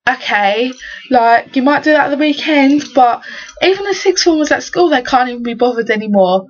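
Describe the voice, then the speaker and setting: A woman's voice: sits high, animated, moderate pace. A teenage girl from England, telling stories in an exasperated, slangy rant for a vlog. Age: teens. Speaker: vlogger. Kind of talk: casual ranting story. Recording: dull lo-fi webcam audio.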